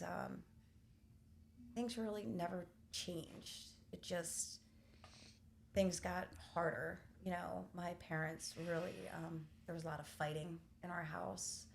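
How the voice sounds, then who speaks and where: A middle-aged woman telling a painful family story candidly, pausing often with fillers. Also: fairly low pitch, gravelly, slight background noise. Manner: candid, halting with many fillers. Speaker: podcast host. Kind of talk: personal storytelling in conversation.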